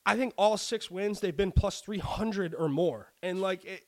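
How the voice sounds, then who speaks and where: A young man co-hosting a podcast, chatting casually about sports betting, swearing often and rambling with excitement. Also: sits high, measured pace. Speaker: podcast co-host.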